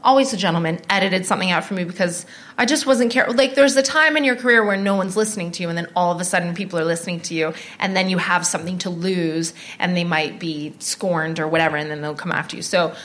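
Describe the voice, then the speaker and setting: A woman's voice: on the low side, quick pace, fairly bright tone. A woman comedian guest in a casual podcast chat, telling candid anecdotes.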